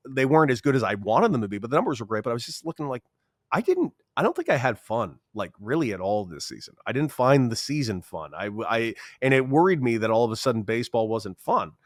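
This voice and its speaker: A man in his thirties, a podcast guest telling a story in a casual, animated way, acting out quotes with sudden jumps in voice. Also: fast talker, no echo, studio quality. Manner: animated, acts out quotes with big pitch jumps. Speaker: podcast guest, former baseball player.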